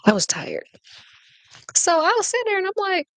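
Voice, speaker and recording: A woman's voice: very high-pitched, huge pitch swings, moderate pace, fairly bright tone, no echo. A woman hosting a podcast, telling a personal story in a casual, slangy way and often checking in with her listeners. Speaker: podcast host.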